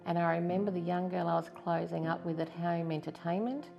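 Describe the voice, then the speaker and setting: A woman's voice: lowish voice, fairly even intonation, a little fast, creaky, highs cut off, soft background music. A woman in her fifties with an Australian accent, candidly and earnestly telling her own story as a stroke survivor in a testimonial interview. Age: 50s.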